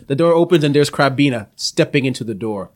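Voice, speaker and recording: A man's voice: medium pitch, animated, fairly quick, crowd noise. A man narrating a tabletop role-play as game master, laughing often and slipping into monster voices.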